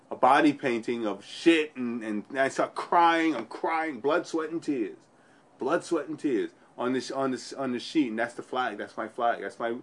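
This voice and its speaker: A man at an ordinary middle pitch tells his own story to an interviewer. His telling rambles, restarting sentences and repeating phrases as he works through it. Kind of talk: personal storytelling in conversation.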